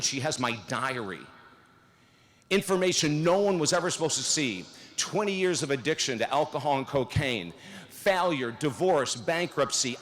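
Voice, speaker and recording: Man giving a motivational speech. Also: mid-range voice. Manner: storytelling, dramatic swings from upbeat to hushed. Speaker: commencement speaker. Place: large hall.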